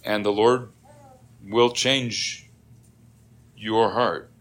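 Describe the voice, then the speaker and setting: A man's voice: fairly low pitch, steady tone, drawn-out words, a bit bright. A middle-aged man preaching a sermon as pastor, acting out quoted grumbling and prayers in a dramatic way.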